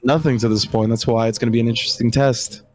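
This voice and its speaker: A man's voice: medium pitch, steady tone, fast talker. A man narrating as game master of a tabletop role-playing game, voicing the characters now and then.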